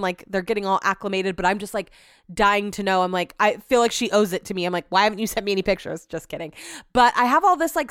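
A woman's voice: medium pitch, fairly bright tone, smooth, no room sound, studio quality. A young adult woman hosting a podcast, telling rambling, self-deprecating stories with many asides. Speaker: podcast host. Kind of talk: casual chat.

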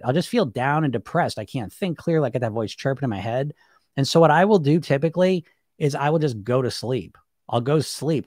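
A male coach with a slightly raised voice talks in a lively, conversational way, often slipping into the voices people hear in their heads. The sound is dry and close, with no room around it. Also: on the high side, no room sound. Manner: animated, conversational, acts out inner voices. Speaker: weight-loss coach. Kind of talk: casual coaching talk.

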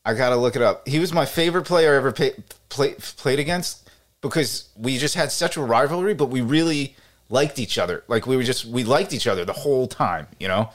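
A man co-hosting a sports podcast, telling stories in a lively, laughing way and acting out quotes. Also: mid-range voice, fairly quick. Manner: animated storytelling, laughs often, acts out quotes. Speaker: podcast co-host. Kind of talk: casual sports chat.

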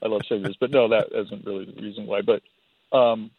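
A man chats on a phone call about his music, his voice husky and the line thin and tinny. He rambles, repeats himself and jokes at his own expense. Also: lowish voice, steady tone, a little fast, no room sound. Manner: rambling, self-deprecating, repeats words. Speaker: guitarist guest. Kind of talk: casual phone interview.

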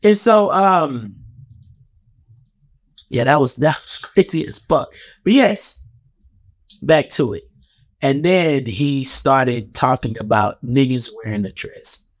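A man in his thirties, a comedian giving casual reaction commentary, animated and profane, stumbling over repeated fillers. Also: mid-range voice, slow pace, long pauses. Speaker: comedian and actor commenting on an interview.

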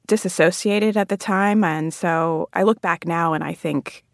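Woman comic as a radio guest, lively storyteller who slips into quoted voices; lowish voice, dry studio sound. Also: a little slow, vocal fry, no room sound. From United States, Jamaican immigrant family. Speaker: comedian and author, guest. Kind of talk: radio interview.

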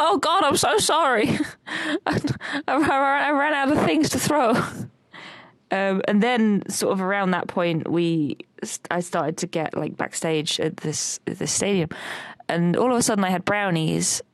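A woman chats through a long, meandering story, with frequent fillers and bursts of laughter. Her voice sits at an ordinary middle pitch. The recording is close and dry, with no room sound. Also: a little slow, dry recording. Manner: rambling and animated, with many fillers and laughs. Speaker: podcast co-host recounting a dream. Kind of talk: casual chat.

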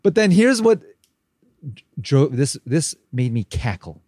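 A man co-hosting a casual podcast, retelling scenes with animated, mocking delivery. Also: on the high side, slow pace, slightly rough, dry recording, clean studio sound. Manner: animated storyteller, mocking quoted lines. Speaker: podcast co-host. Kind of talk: casual recap chat.

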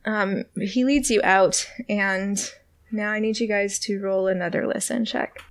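Woman game master, middle pitch, a gravelly edge, easy unhurried narration. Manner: relaxed, hesitant with ums.

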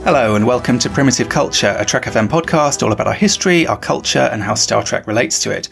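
A man's voice: medium pitch, animated, fast talker, gravelly, over music. A man with a British accent hosting a podcast, talking things through thoughtfully with frequent fillers. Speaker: podcast host. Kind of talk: casual podcast discussion.

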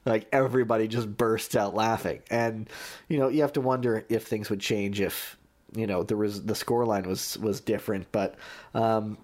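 Man, deeper voice, sports journalist guest, rambling anecdotes with restarts. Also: fairly even intonation, normal speed, a little mellow. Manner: anecdotal storytelling, many restarts. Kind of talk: podcast conversation.

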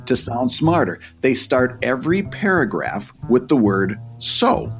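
A man's voice: medium pitch, unhurried, faint music behind. A man co-hosting a podcast, chatting casually and joking, laughing often. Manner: jokey, laughs a lot, animated. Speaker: podcast co-host. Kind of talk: casual comedic chat.

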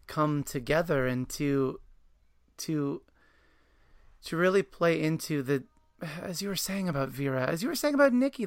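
A man interviewing an author about a picture book in an enthusiastic, halting conversational way. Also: a little high, vocal fry, no echo, clean studio sound. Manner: warm, enthusiastic, halting with restarts.

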